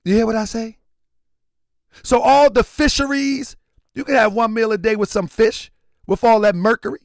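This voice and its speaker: A man hosts a livestream in an extremely high-pitched voice at normal speed, recorded dry with clean studio sound. He is animated, chatting casually, sometimes preaching, and often shouting.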